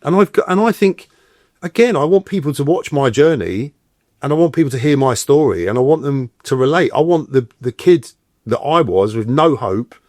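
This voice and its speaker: Lively storytelling male actor. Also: medium pitch, normal speed, no room sound, studio quality. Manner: animated, acts out quoted voices. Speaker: actor guest on a podcast. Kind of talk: casual interview storytelling.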